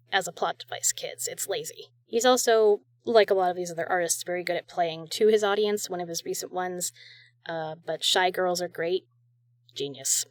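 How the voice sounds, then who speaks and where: A woman's voice: on the low side, no echo. A woman hosting a casual chat show, gushing and chatty about audio creators she loves. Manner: gushing, chatty, with small restarts. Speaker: podcast host reviewing audio creators.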